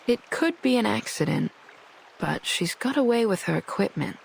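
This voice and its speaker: A man voicing a brisk, clipped gang leader in a game, with a gravelly sound. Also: high voice, lively intonation, a little hiss or hum, voice pushed up, exaggerated voice, low-quality recording.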